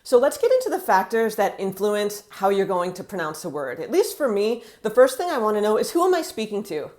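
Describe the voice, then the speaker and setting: An American woman living in France, talking casually to camera and acting out quotes in a chatty, animated way. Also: medium pitch, brisk. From United States.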